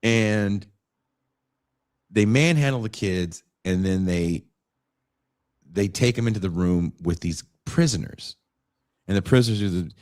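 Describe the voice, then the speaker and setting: A man with a deep, low voice tells a story in casual podcast chat, animated and blunt, with the odd curse. The sound is dry and close, with no room around it. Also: measured pace, long pauses, no room sound. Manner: animated retelling with swearing and acted quotes. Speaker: podcast co-host.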